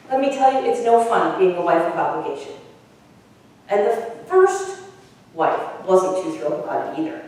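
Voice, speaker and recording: A woman's voice: a little high, a little mellow. A woman pastor with an Upper Midwest accent, performing a first-person sermon monologue as a weary, bold outcast woman at a well, telling her story in a wry, conversational way. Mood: sardonic. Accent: Upper Midwest American. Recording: echoey hall from far off.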